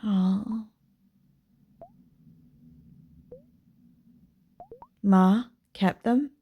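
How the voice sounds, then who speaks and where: A woman's voice: medium pitch, steady tone, drawn-out words, slightly rough, muffled recording, exaggerated voice. A woman voicing a young single mother, pleading and defensive, as she reads game dialogue aloud. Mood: tender.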